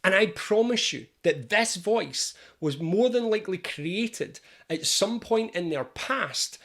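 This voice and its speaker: Lively man explaining anxiety. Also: sits high, takes it slowly. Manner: lively, storytelling, acts out scenes. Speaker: anxiety coach. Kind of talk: explainer video monologue.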